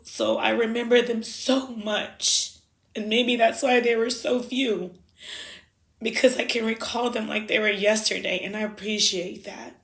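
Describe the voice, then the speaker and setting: A woman speaking heartfelt farewell letters, halting and emotional, with soft pauses. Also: medium pitch, vocal fry. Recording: roomy echo.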